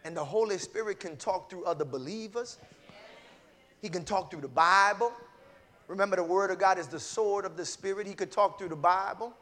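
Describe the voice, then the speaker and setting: A male preacher delivering a sermon with call-and-response, mixing casual talk with sudden shouted bursts. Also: high voice, normal speed. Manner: casual conversational preaching with laughter.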